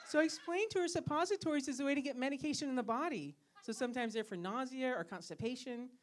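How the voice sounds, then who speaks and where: High-voiced woman doing stand-up. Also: slight background noise. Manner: teasing, asks the crowd questions. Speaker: stand-up comedian and pharmacist. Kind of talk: stand-up comedy set. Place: comedy club stage.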